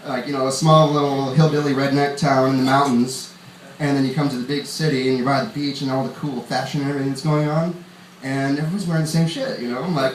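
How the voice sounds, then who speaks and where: A man's voice: mid-range voice, fast talker. A young man from upstate New York doing a stand-up comedy set on a club stage, rambling and chuckling at his own jokes. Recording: roomy club sound, far from mic, audience noise.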